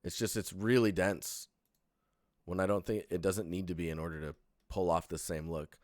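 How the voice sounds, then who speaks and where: A man's voice: low-pitched, fairly even intonation, normal speed, no echo, clean studio sound. A young man giving a casual, rambling live-stream portfolio critique, sleepy and full of fillers and restarts.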